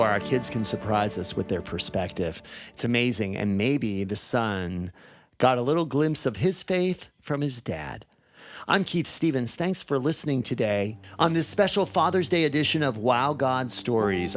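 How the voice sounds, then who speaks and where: Male podcast host over soft music. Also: mid-range voice, expressive, moderate pace. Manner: gentle devotional storytelling. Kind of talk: scripted podcast narration. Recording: dry studio voice with soft music behind.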